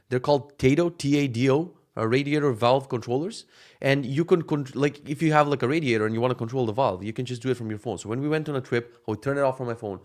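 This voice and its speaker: Profane rambling man with a sore throat. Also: medium pitch. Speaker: vlogger. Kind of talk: casual chat.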